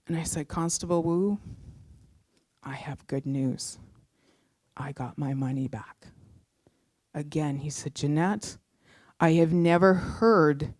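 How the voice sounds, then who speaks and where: A middle-aged woman from Canada telling a personal story, heartfelt, moving between animated and hushed moments. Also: sits low, no room sound, clean studio sound.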